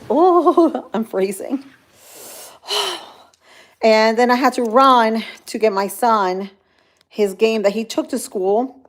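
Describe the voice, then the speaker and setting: A woman chatting casually on a livestream, reading viewers' comments aloud and answering them. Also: medium pitch. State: chilled from the cold. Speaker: livestream vlogger.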